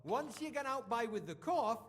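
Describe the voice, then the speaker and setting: Gruff old-world miner, high-pitched and lively, thick dialect, echoing game audio. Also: male voice, normal speed, slight background noise. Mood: matter-of-fact. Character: gruff male medieval miner, suspicious, folksy.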